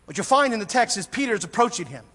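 A male pastor preaching a sermon, earnestly swinging between emphatic bursts and quiet, intense asides. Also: high voice, sing-song, fast, slightly rough. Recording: long reverb of a large church hall.

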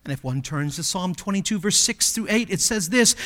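A male pastor in full sermon, with a voice sitting a little above the usual male range. His delivery is emphatic, rising to loud exclamations and then dropping to quiet, drawn-out asides. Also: high-pitched, lively intonation, long reverb tail. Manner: emphatic preaching, swinging from loud exclamations to hushed, slow asides.

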